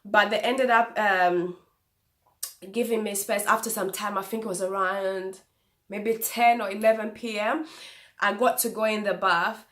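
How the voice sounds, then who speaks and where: A woman vlogger recounting a personal story in a chatty, animated way, acting out what people said. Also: medium pitch, a little slow. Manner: animated retelling, acts out quoted dialogue; chatty, loose sentences with fillers.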